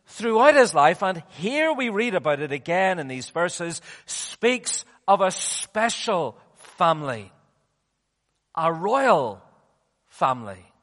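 Casting: male preacher, higher voice, very animated, long hall echo. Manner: animated, dramatic, swings from loud to hushed. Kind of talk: sermon.

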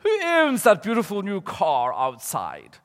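A man voicing a boastful, greedy male toad who is mad about cars, with slow, loud, drawn-out exclamations. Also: high-pitched, wildly swooping pitch, big-room sound, pitched above the performer's own voice, full character voice. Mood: grand.

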